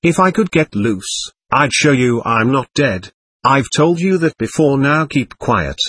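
Man voicing a stubborn angry male spirit, husky, spiky up-and-down delivery, read from a séance transcript. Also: mid-range voice, sing-song, measured pace, a bit bright, no echo, full character voice. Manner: defiant, threatening, scornful. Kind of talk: reading a séance transcript aloud.

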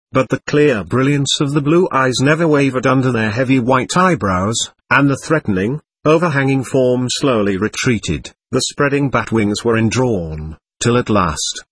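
A man narrating a novel in a measured, even reading voice. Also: medium pitch, breathy edge, dry recording. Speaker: audiobook narrator. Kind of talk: scripted narration.

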